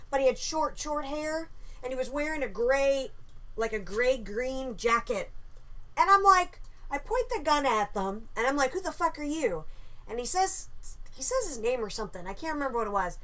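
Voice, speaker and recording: A woman casually telling a story about a dream, animated and swearing freely. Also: high-pitched, moderate pace.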